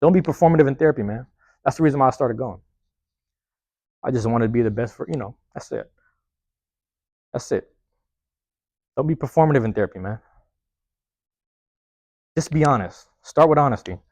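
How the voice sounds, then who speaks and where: A man's voice: mid-range voice, moderate pace, pauses often, darkish tone, dry recording. A man hosting a podcast alone, rambling in a casual, profane monologue and tagging lines with "man", recorded on a phone. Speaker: podcast host.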